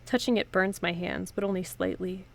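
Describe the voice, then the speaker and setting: A woman's voice: lowish voice, fairly even intonation, normal speed, vocal fry. A woman hosting a playthrough, reading an interactive horror story aloud in first person and breaking off for casual, joking asides. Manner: reads dramatically, breaks off for chatty, joking comments.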